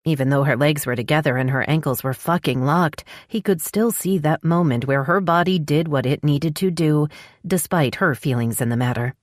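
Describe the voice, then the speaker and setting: A woman narrating a romance audiobook with a steady storytelling delivery. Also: sits low, moderate pace, no room sound, studio quality.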